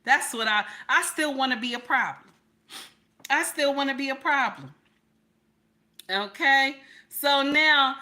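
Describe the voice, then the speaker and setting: A middle-aged woman hosting casual livestream commentary, loud and playful, answering her chat as she talks. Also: high voice, a little slow.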